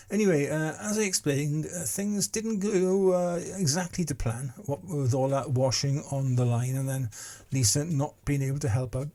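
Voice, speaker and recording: A man's voice: on the high side, moderate pace, dark tone. A man in his sixties chatting casually to camera as a vlogger, rambling and self-deprecating. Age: 60s.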